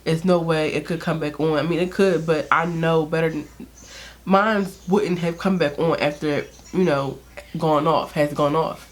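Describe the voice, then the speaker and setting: A woman's voice: deep voice, steady tone, a little slow. A young woman vlogger telling a personal story in a candid, chatty way, laughing often and using lots of fillers. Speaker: beauty vlogger. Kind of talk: casual storytime.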